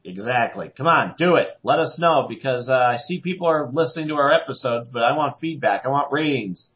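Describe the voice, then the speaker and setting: A man co-hosting a podcast in casual chat, animated and quick to joke. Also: medium pitch. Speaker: podcast co-host. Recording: dull lo-fi sound.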